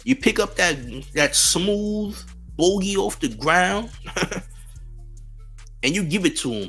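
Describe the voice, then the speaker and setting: A man's voice: high voice, animated, slow pace, long pauses, sharp tone, faint music behind. A man hosting a news commentary channel, talking in a slangy, mocking way that riffs on and repeats phrases. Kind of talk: casual commentary on celebrity news.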